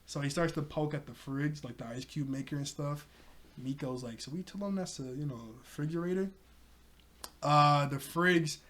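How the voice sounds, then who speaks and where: A man casually recapping a cartoon episode in an excited, rambling way, full of fillers. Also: fairly high pitch. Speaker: TV episode reviewer.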